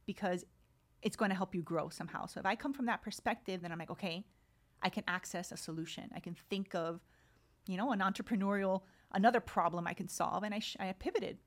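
Thirties woman, podcast guest; casual, expressive storytelling with voiced-out thoughts. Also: mid-range voice, fairly quick. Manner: expressive, acts out her inner thoughts. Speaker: kindness coach and podcast guest.

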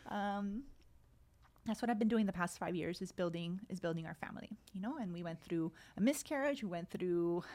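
A woman's voice: lowish voice, moderate pace, darkish tone. A woman in her thirties, a podcast guest in casual conversation, telling stories animatedly and acting out quoted dialogue.

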